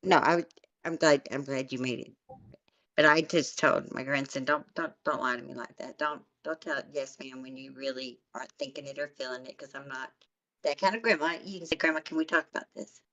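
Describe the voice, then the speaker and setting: A woman's voice: a bass voice, steady tone, fairly quick, a bit bright, dull audio. An older woman, a grandmother, telling a story in a blunt, repetitive way during a casual chat. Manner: blunt, repeats herself for emphasis. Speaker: stream host.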